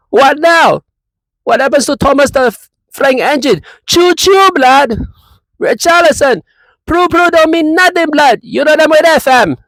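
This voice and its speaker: A man doing an impression of a loud, mocking male rival football fan in a put-on Jamaican accent. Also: no echo, exaggerated voice, low-quality recording. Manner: mocking, repeating taunts with a high squeal.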